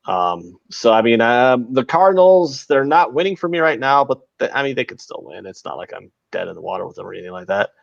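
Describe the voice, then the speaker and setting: A brash American man hosts a live sports betting podcast, rambling and swearing as he talks through his bets. His voice is gravelly and rough-edged. The recording is dry and a little dull, like a cheap home mic. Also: medium pitch, very animated, a little fast, few pauses, no echo. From United States. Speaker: podcast host.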